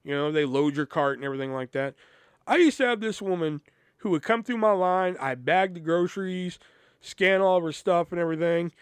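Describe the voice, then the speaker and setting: A man's voice: sits high, fairly quick, smooth, no room sound. Profane rambling storyteller man. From Iowa. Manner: profane, rambling, acts out quotes. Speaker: podcast host. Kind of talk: casual storytelling.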